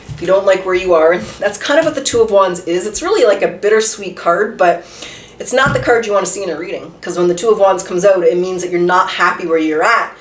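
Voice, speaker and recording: This tarot reader's voice sits on the low side, with a faint hiss or hum in the audio. Her reading is casual and chatty, packed with rhetorical questions and an odd curse here and there, recorded in a roomy space with her slightly distant from the microphone.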